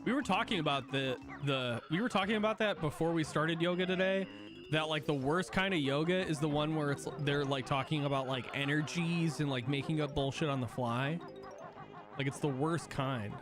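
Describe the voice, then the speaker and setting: A young gaming streamer talks at a moderate pace in a fairly high-pitched voice, music audible behind him. He chats casually and rambles, swearing a lot and correcting himself mid-sentence.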